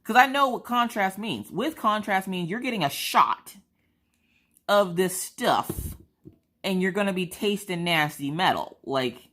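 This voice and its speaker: A woman's voice: mid-range voice, lively intonation, measured pace, fairly bright tone. A woman from South Carolina, a craft vlogger, telling an anecdote in a chatty, blunt way. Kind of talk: casual storytelling chat.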